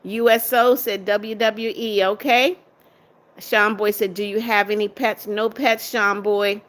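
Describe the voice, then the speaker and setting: A woman's voice: mid-range voice, flat delivery, measured pace, a bit bright. A middle-aged American woman hosting a casual live stream, chatting as she reads out viewer comments and answers each one. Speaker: livestream host reading viewer comments.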